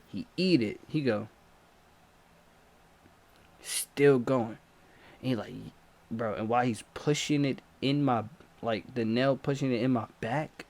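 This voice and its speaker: A man telling a story in casual storytime narration, animated, with loud yells and sound effects. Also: medium pitch, measured pace. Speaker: storyteller, channel host.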